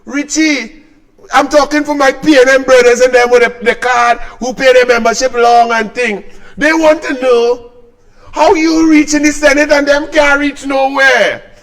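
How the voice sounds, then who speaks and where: A man's voice: very high-pitched, steady tone, moderate pace, fairly bright tone. A man with a Trinidadian accent delivering a sarcastic, combative political rant as a commentator, mocking his targets.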